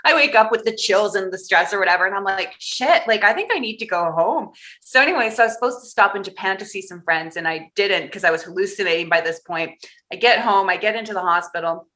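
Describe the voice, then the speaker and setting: A woman talks as a podcast guest, her tone bright and forceful. She tells her story candidly and with energy, and she laughs her way through the rough parts. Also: mid-range voice, fast. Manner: candid, animated storyteller who laughs through hard memories.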